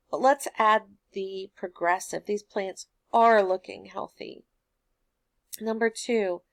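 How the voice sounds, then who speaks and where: A woman teacher walks students through a recorded grammar lesson. Her voice sits at an ordinary middle pitch, and she explains each answer patiently at an even classroom pace. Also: vocal fry.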